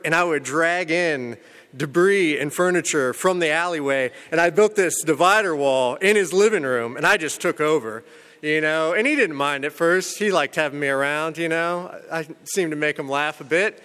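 A man telling his own recovery story in a candid, rambling way, full of "you know" and "man", with self-mocking humor about a dark past. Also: a little high, moderate pace, clear, resonant tone, big-room sound.

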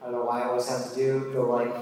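A man's voice: medium pitch, monotone, racing, background noise. A man in his thirties or older telling a personal story in a casual, self-deprecating way, with many fillers. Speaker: speaker sharing his drinking story. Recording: echoey hall from far off.

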